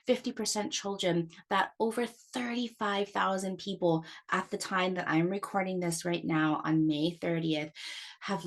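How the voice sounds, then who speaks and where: A middle-aged woman talks straight into her podcast as its astrologer host, in a frank, heated monologue. Her voice leaps upward on stressed words, and she often breaks off and restarts a phrase. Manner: impassioned and emphatic, with sharp rises in pitch; frank and cursing, with repeated restarts.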